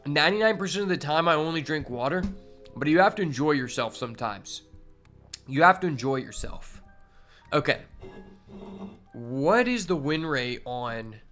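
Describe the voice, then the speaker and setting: A man streaming a card game, talking casually and excitedly to his chat and swearing often. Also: fairly high pitch, normal speed, pauses often, faint music behind. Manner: profane, excitable, talks to chat. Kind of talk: casual live-stream commentary while playing.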